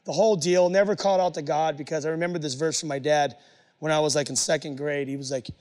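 A man's voice: fairly high pitch, steady tone, quick pace, darkish tone, in a large hall. A man telling his personal testimony to an audience in a casual, slangy storytelling way. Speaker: speaker giving a personal testimony.

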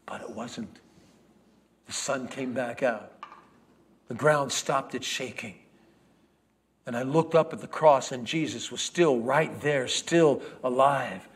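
A man's voice: mid-range voice, slow pace, pauses often, lightly acted. A man playing a grieving ancient lamb merchant. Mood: wondering. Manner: swings from loud proclamation to hushed whispers. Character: grieving first-century lamb merchant, adult man, earnest. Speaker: actor in a Bible character monologue. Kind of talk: dramatic first-person monologue.

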